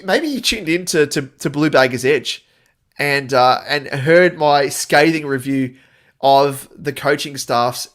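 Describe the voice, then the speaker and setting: A man's voice: mid-range voice, a bit bright. An Australian man co-hosting a casual sports podcast, chatting in a rambling way and laughing often. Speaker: podcast co-host. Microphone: podcast mic, on camera.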